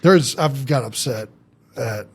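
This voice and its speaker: A man's voice: medium pitch, slow, vocal fry, breathy edge. A man in his thirties, a podcast guest, chatting casually in long rambling stories, often cutting himself off and laughing. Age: 30s. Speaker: podcast guest, football center. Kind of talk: casual chat.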